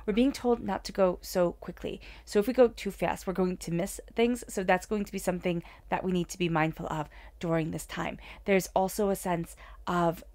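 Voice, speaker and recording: A woman doing a tarot reading in a soft, soothing, upbeat manner. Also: lowish voice, fairly even intonation, normal speed. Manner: soft, soothing and upbeat, with whispered meditation passages. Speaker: tarot reader.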